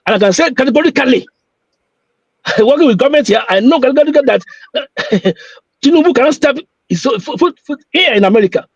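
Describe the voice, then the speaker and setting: A man's voice: extremely high pitch, expressive, brisk, husky, dry recording, muffled recording. A man calling in to a live talk show, insistent and repetitive, often stumbling over his words. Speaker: caller. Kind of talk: call-in chat on a live show.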